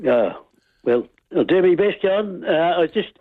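A man's voice: sits high, animated, a little slow, no echo. A man calling a radio show, cheerful but hesitant, stumbling over his words. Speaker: caller. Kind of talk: phone-in chat and joke telling. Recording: tinny phone line.

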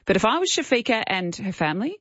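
A woman's voice: medium pitch, sing-song, quick pace, a bit bright, no echo, highs cut off. A woman hosting talkback radio, speaking bluntly and indignantly in a conversational way.

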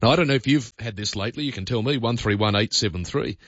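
A man's voice: mid-range voice, fast talker, fairly bright tone, no room sound. An Australian man hosting a talkback radio show, chatting in a conversational, opinionated way with many fillers. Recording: dull lo-fi radio broadcast.

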